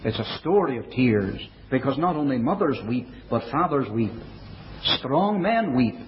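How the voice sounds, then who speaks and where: A man preaching a sermon in a measured way, dropping his voice low and soft for quoted verses. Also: big pitch swings, slight background noise. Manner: measured preaching, quoting scripture in older English. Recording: dull, lo-fi recording.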